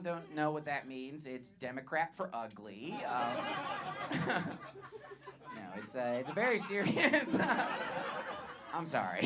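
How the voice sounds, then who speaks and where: A man doing a self-deprecating stand-up set with a small, high-ish voice, laughing at his own jokes. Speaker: stand-up comic. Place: comedy club with live audience. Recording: live club with audience noise.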